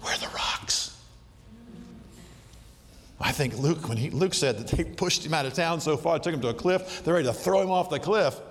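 A man preaching a sermon in a conversational, animated way, often asking his listeners questions. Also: on the high side, brisk, hardly any pauses. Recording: long hall reverb.

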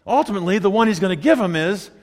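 A man's voice: sits high, rapid-fire. Conversational preacher man, hall reverb. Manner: conversational, wry, animated asides. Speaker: pastor. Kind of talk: sermon.

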